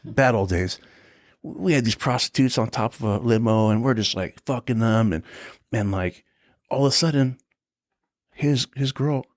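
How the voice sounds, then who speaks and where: A man's voice: medium pitch, darkish tone, dry recording, clean studio sound. A man in his forties, a guest on a podcast, telling casual anecdotes with lots of swearing, acting out quotes and laughing often. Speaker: guest, tour security guard.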